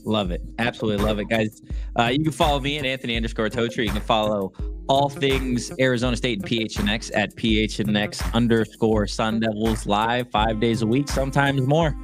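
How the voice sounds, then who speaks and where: A man's voice: fairly low pitch, a little fast, over music. A man talking as a guest on a casual chat show, self-deprecating and laughing.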